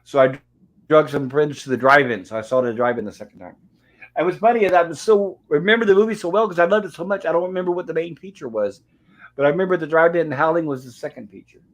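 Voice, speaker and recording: On a casual livestream, a movie review host recaps a film scene by scene, narrating each step and reading its dialogue aloud. His voice is a little high and fast, and the recording quality is low.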